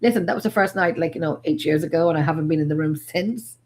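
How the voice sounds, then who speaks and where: A woman with an Irish accent chatting on a video call about a paranormal investigation, excitable and rambling, often restarting her sentences. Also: deep voice, fast. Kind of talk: casual chat on a video call.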